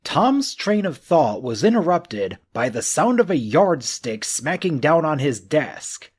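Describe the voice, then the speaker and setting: A man reading a mystery novel aloud as an audiobook narrator, with an expressive reading that acts out the characters' thoughts. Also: on the high side, a little slow, husky.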